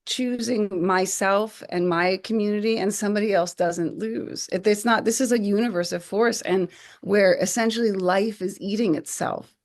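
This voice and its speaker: A woman in her forties, a podcast guest, telling stories in an animated way, acting out quotes and often restarting her phrases. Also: medium pitch. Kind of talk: conversational podcast storytelling.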